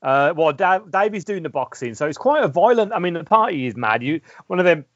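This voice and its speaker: A man's voice: fairly high pitch, animated, a little fast, no echo. A man co-hosting a casual film discussion, rambling with many restarts and repeated words. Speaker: podcast co-host. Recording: dull lo-fi sound, dry.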